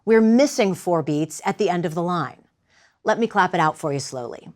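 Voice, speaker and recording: A woman instructor explaining the rhythm of verse and directing actors, in a clear, patient teaching voice. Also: lowish voice, expressive, normal speed, darkish tone. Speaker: theater instructor. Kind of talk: lecture with live demonstration.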